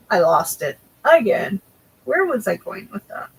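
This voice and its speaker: Slow-talking husky-voiced woman. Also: mid-range voice, rough recording. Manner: rambling, loses her train of thought. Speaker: crochet livestream host. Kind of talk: casual livestream chat with viewers.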